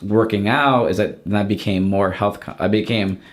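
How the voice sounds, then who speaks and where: A man's voice: on the low side, steady tone, normal speed. A young adult man, a podcast guest, chatting casually and rambling with many restarts. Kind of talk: casual chat.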